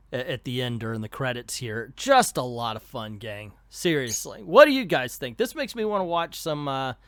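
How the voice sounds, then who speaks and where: A man's voice: mid-range voice, fairly bright tone, no room sound. A man hosting a comic book video, chatting with viewers in an upbeat, loose way with plenty of fillers. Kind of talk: casual chat to viewers.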